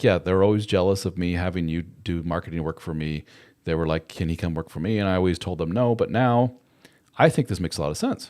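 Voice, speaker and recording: Low-voiced man hosting a frank livestream. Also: a little mellow. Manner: frank and conversational, with occasional swearing. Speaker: host answering viewer chat. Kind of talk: casual livestream talk.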